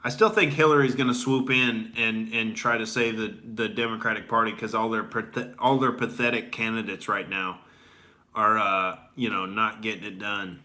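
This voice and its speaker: Bright-voiced man in a crude comedic rant. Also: lowish voice, fairly even intonation, moderate pace. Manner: rambling, profane, heavy on filler words. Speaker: comedian host.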